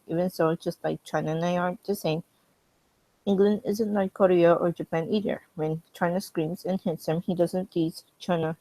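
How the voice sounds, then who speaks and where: Low-voiced woman reading a fan story, throat strained. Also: dry recording, low-quality recording. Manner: steady, chatty asides between passages. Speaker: fan reading fanfiction in character.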